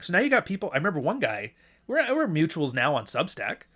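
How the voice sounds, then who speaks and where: A man's voice: a little high, very animated, fast, fairly bright tone. Blunt, profane man ranting on stream. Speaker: podcast host. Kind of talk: casual livestream monologue.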